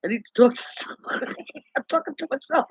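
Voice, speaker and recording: A man's voice: very high-pitched, fast talker, breathy edge, no echo. A man in a rambling, indignant gossip monologue, talking to himself. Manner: chatty, indignant, talks to himself. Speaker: vlogger. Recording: dull lo-fi dry recording.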